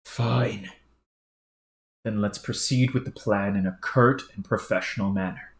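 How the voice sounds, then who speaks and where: Lady putting on a stuffy posh troll guy, lower than her usual, stiff and formal, echoey room. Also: steady tone, measured pace, slight background noise. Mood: haughty. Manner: formal, prim and stilted. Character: stiff haughty male troll aristocrat. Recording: roomy echo.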